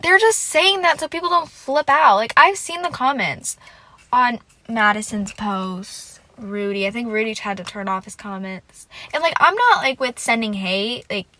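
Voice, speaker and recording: A woman's voice: a little high, normal speed, no echo. A woman hosting a casual solo podcast, rambling and venting with lots of "like" and frequent swearing. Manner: animated and emotional fan venting. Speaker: podcast host.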